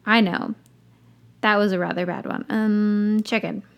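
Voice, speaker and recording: A woman's voice: mid-range voice, steady tone, unhurried, creaky, clean tone, muffled recording. A woman reading as Harry Potter, guarded teen wizard. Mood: coaxing. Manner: read aloud from a written story. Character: teenage boy wizard, guarded and lonely.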